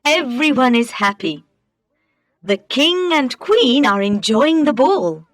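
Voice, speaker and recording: A woman narrating a simple storybook for English learners, reading clearly and carefully. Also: high voice, big pitch swings, slow pace, a bit bright, no echo, clean studio sound.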